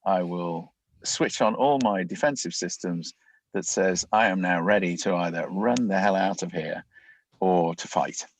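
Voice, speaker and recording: A man's voice: low voice, unhurried, rough recording. A man, a leadership coach, explaining ideas in a conversational interview, often acting out inner thoughts as quoted voices.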